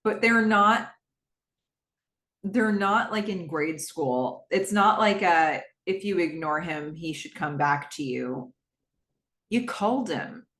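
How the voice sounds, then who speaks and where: A woman's voice: fairly low pitch, expressive, takes it slowly, fairly bright tone. Chatty woman in an echoey room. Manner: chatty, exasperated asides, many fillers. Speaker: podcast host recapping a TV episode. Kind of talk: casual solo recap, reading out scenes.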